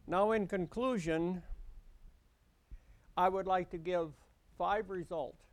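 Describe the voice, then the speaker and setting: A man preaching a sermon, slow and deliberate, rising into emphatic lines. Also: sits high, vocal fry, smooth.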